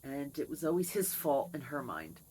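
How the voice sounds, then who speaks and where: A woman's voice: sits low, sing-song, moderate pace, noisy background. Chatty wry middle-aged woman vlogger. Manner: chatty, wry, talks to her cat between stories. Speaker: video blogger. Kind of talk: candid personal storytelling to camera.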